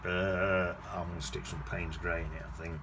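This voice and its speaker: Brief: male painting tutor, deep voice, rambling self-correcting chat, noisy background hiss. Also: little pitch movement, moderate pace. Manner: chatty, thinking aloud while painting, self-correcting. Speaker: watercolour painting teacher. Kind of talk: casual painting demonstration. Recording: noticeable background noise.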